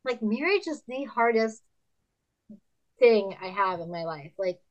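A woman in her fifties, a podcast guest and author, telling candid stories in a lively way, laughing often and acting out other people's lines in a higher voice. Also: unhurried, lo-fi sound. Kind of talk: candid conversational storytelling.

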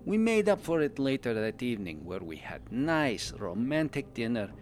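In an in-character fan podcast, a man plays a cheerful male pandaren adventurer, a doting husband telling his story in broken English that drops articles and verb endings. His mid-range voice is very animated and darkish in tone, moving at a normal speed and sounding close to an everyday voice. A little hiss or hum sits under the recording.

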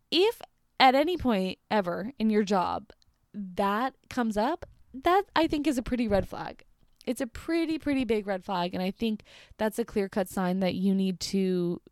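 A woman's voice, dry and close, with no room sound around it. She reads messages aloud and reacts to them in casual vlog commentary, blunt and openly exasperated. She swears freely and speaks at an ordinary mid pitch. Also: no echo. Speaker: vlogger.

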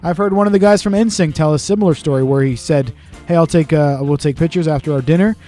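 Male podcast co-host, fast, mellow storyteller, casual and profane. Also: fairly high pitch, soft background music. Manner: fast, swearing storyteller who acts out quotes.

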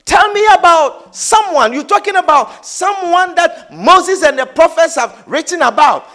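A man's voice: very high voice, lively intonation, measured pace, pushed and bright, exaggerated voice. A man voicing a skeptical young man who asks incredulous, mocking questions. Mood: scoffing.

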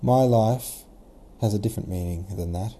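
A man voicing a gentle young princess who speaks earnestly and firmly. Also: fairly low pitch, moderate pace, a little hiss or hum, natural voice. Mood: reflective. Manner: soft, earnest, resolute.

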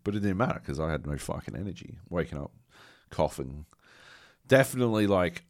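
Deep-voiced swearing man. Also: normal speed, no room sound, clean studio sound. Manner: profane, rambling storytelling with dramatic quoted asides. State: lingering slight cough. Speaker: podcast co-host. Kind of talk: casual chat.

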